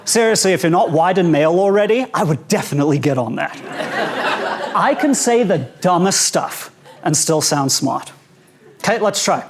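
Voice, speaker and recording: Young south african guy doing standup, high voice, bouncy and all over the place. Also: moderate pace, crowd noise. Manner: animated, jokey, acts out quoted voices. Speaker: stand-up comedian. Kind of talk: stand-up comedy routine. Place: conference hall stage with a live audience.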